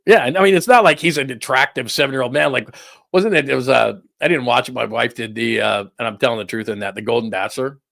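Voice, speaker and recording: Middle-aged male sports talk host, bright dry voice, rambling incredulous rant with restarts. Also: mid-range voice, fast talker, creaky, no room sound.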